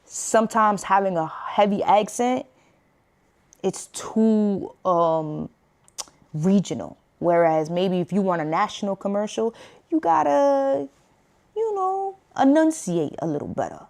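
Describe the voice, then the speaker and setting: A woman with a New York accent giving casual reaction commentary as a streamer. She talks in slang, breaks into laughs between points, and jumps up into high asides. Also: sing-song, unhurried, creaky, darkish tone.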